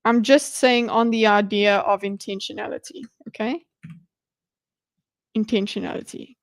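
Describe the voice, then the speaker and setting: A woman's voice: mid-range voice, steady tone, unhurried, gravelly. A woman streamer talking casually as she reads out and picks apart a debate, with joking asides and half-muttered notes to herself. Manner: chatty, muttering asides while reading along. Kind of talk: casual livestream commentary.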